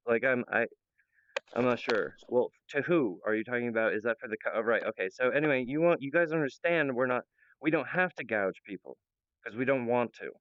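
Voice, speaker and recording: A man talking in an excitable, rambling improvised monologue, jumping between ideas and restarting his sentences. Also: medium pitch, a little hiss or hum. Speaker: video creator. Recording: dull, lo-fi, dry sound.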